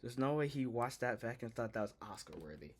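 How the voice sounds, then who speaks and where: A young man streaming a casual reaction, talking loudly in slangy, animated exclamations. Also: mid-range voice, a little fast. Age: young adult.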